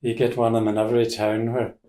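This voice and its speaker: Warm in tone and quick in pace, this older Irish interviewee from Donegal tells wandering family stories casually, chuckling and starting over at points. His voice sits at medium pitch with little pitch movement, and the recording echoes like a large room.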